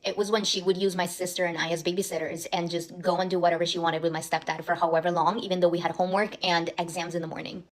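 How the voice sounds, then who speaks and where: A woman recounting her childhood bluntly and matter-of-factly, in a quiet voice. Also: on the low side, level tone, quick pace, few pauses. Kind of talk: personal storytelling.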